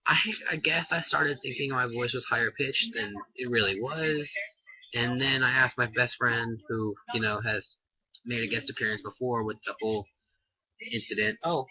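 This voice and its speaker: A man's voice: medium pitch, husky. A young man in his teens ranting in a rambling, indignant vlog monologue, his voice jumping up sharply when he gets worked up. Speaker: vlogger. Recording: dull lo-fi recording.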